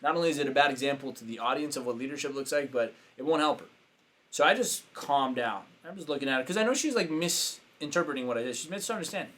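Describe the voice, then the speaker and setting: A man, a business coach, telling a story casually and acting out the quotes with sudden jumps in pitch. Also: animated, fast, fairly bright tone.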